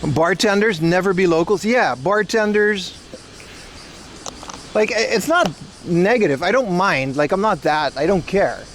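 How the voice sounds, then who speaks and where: Walking outdoors, a Dutch livestream host from the Netherlands rambles loosely, chats with his viewers, and laughs a lot. His voice sits high and sounds animated and a bit bright, he speaks a little slowly, and there's slight background noise.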